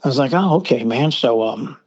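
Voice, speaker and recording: A middle-aged Southern US man, guesting on a podcast, spins long rambling stories casually and acts out what people said. He speaks briskly at a medium pitch with lively intonation and a slightly mellow tone. The remote-call recording is muffled.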